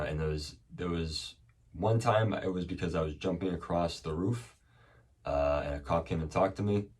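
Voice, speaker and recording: A man's voice: sits low, recorded from a distance. A man telling a casual story as a podcast host, rambling and profane, with many fillers and restarts.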